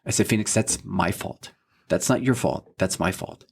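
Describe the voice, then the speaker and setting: His voice is deep, creaky and a bit rough, moving at a normal speed. As co-host of a faith podcast, this man in his thirties chats casually about his son, quoting what people said and often adding "you know what I mean," all in an earnest, heartfelt fatherly tone.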